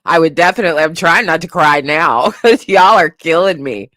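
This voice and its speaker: A woman's voice: sits low, normal speed, no echo, clean studio sound. A woman hosting a casual commentary stream, reading chat comments and laughing often as she reacts. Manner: laughing often, animated, lively. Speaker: host.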